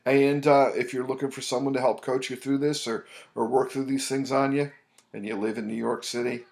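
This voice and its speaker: Gravelly man giving rambling advice. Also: medium pitch, flat delivery, a little fast, a little mellow. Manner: loose, rambling with many fillers and restarts. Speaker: anxiety coach. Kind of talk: casual advice monologue. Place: New York City.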